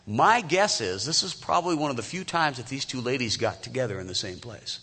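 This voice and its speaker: Man in his fifties, pastor, conversational sermon, crisp bright voice, long hall reverb. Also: mid-range voice, lively intonation, fairly quick, hardly any pauses. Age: 50s. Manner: conversational, asks the congregation direct questions. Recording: echoey hall.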